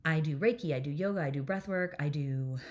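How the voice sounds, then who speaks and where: Low-voiced chatty woman podcaster. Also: fairly quick, darkish tone. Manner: chatty, self-deprecating, laughs often, swears casually. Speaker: podcast host, nervous system coach. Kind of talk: candid solo podcast storytelling.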